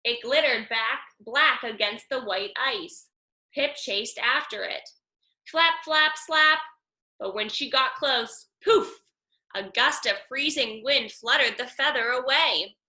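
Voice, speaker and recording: Bright, slow woman reading a picture book. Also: a little high. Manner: slow, expressive, with sound effects. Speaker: storybook reader. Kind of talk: children's picture book read-aloud. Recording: echoey room.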